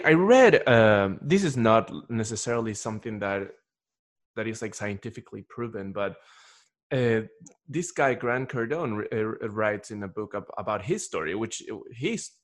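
A man hosting a casual interview, attentive and a little halting, often restarting his sentences. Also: fairly low pitch. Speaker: podcast host.

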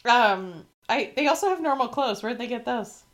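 A woman's voice: fairly high pitch, normal speed. Woman casually leading a podcast chat. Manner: relaxed, leads the rundown, frequent "like" and "um". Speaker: podcast co-host.

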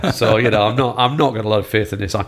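A man's voice: fairly low pitch, rapid-fire. An older man chatting about films as a guest, telling stories with a dry sense of humor. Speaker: film guest. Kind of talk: casual film chat.

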